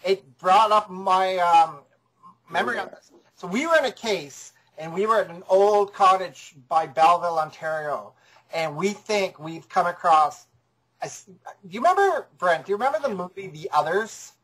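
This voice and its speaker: A man who works as a paranormal investigator, a guest on a talk show, excitedly telling the story of a case. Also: high voice, moderate pace, poor audio. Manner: excited, builds up his story. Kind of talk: casual interview.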